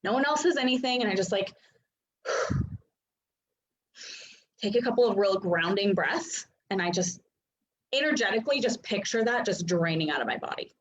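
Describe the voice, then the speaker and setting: A woman's voice: medium pitch, expressive, brisk, poor audio. A woman in her thirties, chatty and full of fillers, teaching from her home office over a video call. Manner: chatty, filler-heavy, laughs often. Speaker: human design coach. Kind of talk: casual teaching talk.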